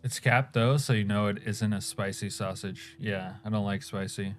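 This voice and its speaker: A man's voice: fairly low pitch, fairly even intonation, moderate pace, faint music behind. A man streaming a game, reading chat aloud and chuckling while he eats. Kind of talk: casual live-stream chat.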